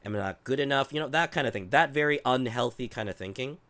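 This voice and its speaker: A man's voice: mid-range voice, fast, fairly bright tone. Rambling man with a cold-worn voice. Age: 30s. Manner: rambling, restarts and swears often. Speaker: streamer. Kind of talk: casual chat to viewers.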